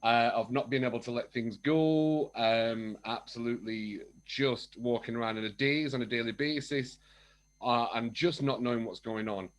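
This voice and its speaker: A man's voice: medium pitch, moderate pace. A man speaking as a podcast guest, telling his story openly and acting out remembered conversations in different voices. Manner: candid and animated, acts out remembered dialogue. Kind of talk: casual chat.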